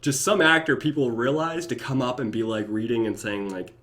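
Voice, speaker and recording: A young man chatting casually on his own live stream, reading viewer comments and often breaking into laughter and goofy high voices. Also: fairly even intonation, a little fast, fairly bright tone. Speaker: YouTube reactor.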